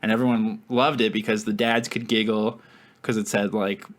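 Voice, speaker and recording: A man's voice: on the low side, little pitch movement, moderate pace. A man co-hosting a podcast in casual chat, rambling and laughing often. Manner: giggly, rambling, self-deprecating. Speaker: podcast co-host.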